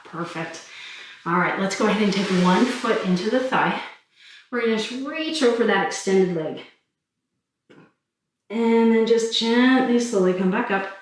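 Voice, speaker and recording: A woman fitness instructor calmly talking listeners through a stretching cool-down while doing it herself. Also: mid-range voice, measured pace, pauses often. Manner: calm, encouraging cues while demonstrating stretches. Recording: very echoey room, mic far off.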